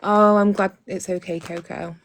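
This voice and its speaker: A woman's voice: medium pitch, flat delivery, moderate pace, dry recording. A woman hosting a casual livestream on a phone mic, blunt and profane, talking straight to her viewers. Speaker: livestream host.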